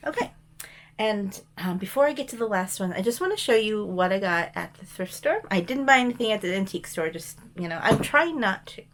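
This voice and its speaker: A woman's voice: mid-range voice, noisy background. A woman chatting casually as she shows mail and thrift finds, rambling with frequent ums and restarts. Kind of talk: casual show-and-tell chat.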